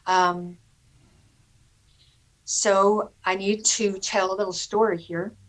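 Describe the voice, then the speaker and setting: A woman slowly telling a personal story to a meditation group over a video call, earnest and halting, with pauses and fillers. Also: mid-range voice, level tone, poor audio.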